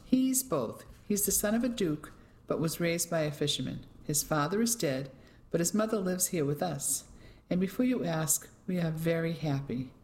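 A storyteller voicing an assured Englishwoman who talks in a gentle but firm manner. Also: mid-range voice, animated, normal speed, natural voice.

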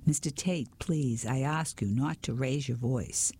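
A man's voice: mid-range voice, unhurried, darkish tone, husky. A man whispering the lines of a prim, clipped woman insurance agent in a storybook reading, as whispered role-play. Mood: placating. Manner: clipped, placating.

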